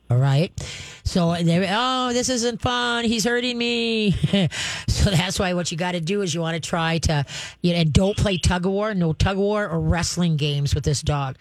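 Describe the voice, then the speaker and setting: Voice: medium pitch, darkish tone, no echo. Rambling, playful dog trainer, dry sound. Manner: rambling, many restarts, playful dog talk. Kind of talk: advice chat with a caller.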